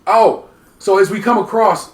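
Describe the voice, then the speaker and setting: A man hosting a podcast, telling road-trip stories in casual, animated chat and swearing freely. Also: sits high, normal speed. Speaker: podcast host. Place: living room studio. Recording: roomy living room echo.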